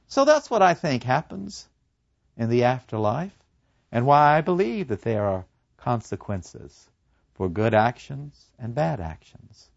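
A serene old philosopher facing his death, voiced by a man telling the story, preaching about the soul with earnest conviction. His voice swings widely in pitch, rising and falling with feeling. The sound is dull and muffled, close and dry. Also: creaky, no echo, full character voice. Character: serene old male philosopher awaiting execution. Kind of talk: dramatic storytelling.

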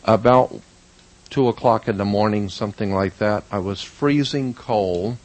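A man in his fifties telling a story from his own past, earnest and halting, with pauses and restarts. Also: fairly low pitch, poor audio. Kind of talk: personal storytelling.

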